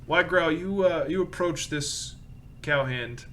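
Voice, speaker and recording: A man's voice: fairly high pitch, slow pace, fairly bright tone, a little hiss or hum. A man narrating a tabletop game as game master, casual and full of fillers.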